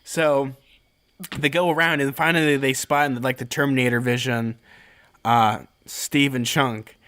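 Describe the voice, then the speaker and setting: A man's voice: medium pitch, fairly even intonation, measured pace, fairly bright tone. A young man co-hosting a casual podcast, retelling a spooky book with jokes and playful gasps. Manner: jokey, recaps plot with playful gasps and quoted voices. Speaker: podcast co-host.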